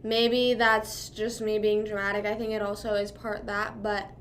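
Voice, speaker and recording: A young Pennsylvania woman chats casually on a livestream, rambling with plenty of "like" and "you know what I mean," and occasionally talking while chewing. Her voice is medium-pitched and fairly bright, her delivery flat at a normal speed, with slight background noise.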